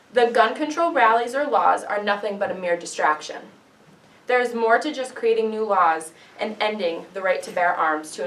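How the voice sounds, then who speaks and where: A woman's voice: mid-range voice, fairly bright tone. A young woman delivers a persuasive class speech in an earnest, declamatory way, asking rhetorical questions. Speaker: student giving a class speech. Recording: echoey classroom from far off.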